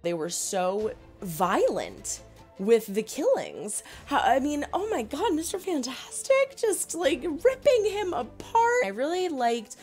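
A woman with a New Jersey accent hosting a casual unboxing and review video, chatting in a gushing, excited way with quick asides. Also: sits high, soft background music. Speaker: reaction video host.

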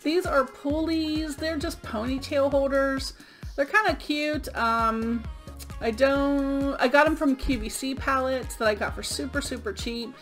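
Middle-aged woman vlogger, upbeat and chatty, a bit winded from illness, light background music. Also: high-pitched. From Florida. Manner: chatty, upbeat, many ums. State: sick, out of breath. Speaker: eBay reseller vlogger. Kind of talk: casual show-and-tell vlog.

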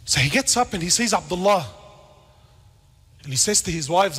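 A man giving a passionate religious lecture, swinging between shouted appeals and low asides, acting out dialogue as he tells stories. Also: animated, moderate pace, breathy edge. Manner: acts out dialogue in storytelling. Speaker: Islamic preacher. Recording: reverberant hall.

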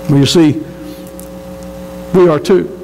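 A male pastor preaching in an earnest, emphatic way, often doubling back on his words. His voice sits a little high for a man and rings out with a long reverb in a church sanctuary. A faint hum runs under it. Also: fairly even intonation, takes it slowly, creaky, a little mellow. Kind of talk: sermon.

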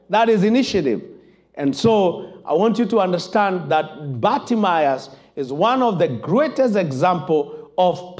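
High-voiced impassioned male preacher. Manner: impassioned, building to shouted emphasis. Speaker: pastor. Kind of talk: sermon.

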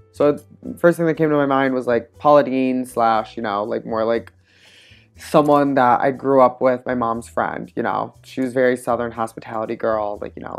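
A woman's voice: very deep voice, fairly even intonation, normal speed, faint music behind. A young woman chatting as a podcast guest, telling stories animatedly and dropping to a murmur for her inner thoughts. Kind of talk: casual chat.

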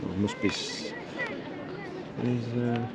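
Crowd noise surrounds a man with a level, mid-range voice who takes his time while co-hosting a travel vlog by a beach. The vlogger jokes easily in casual conversation and murmurs while reading signs, and the outdoor audio is noisy.

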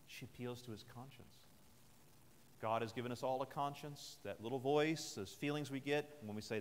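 A man's voice: mid-range voice, normal speed. A man preaching a sermon at a military chapel service, retelling a scripture story in an earnest, conversational way. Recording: long chapel reverb.

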